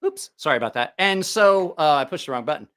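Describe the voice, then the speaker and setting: Middle aged guy rambling thru a crude story on his live stream, kinda high voice, bright. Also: lively intonation, quick pace, clear, resonant tone. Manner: rambling, profane, laughing storyteller. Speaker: livestream host.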